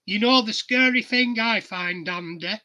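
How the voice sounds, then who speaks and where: Man, middle-aged, high bright voice, slow casual storytelling chat. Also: highs cut off. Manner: chatty storyteller, laughs at his own anecdotes. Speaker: livestream host.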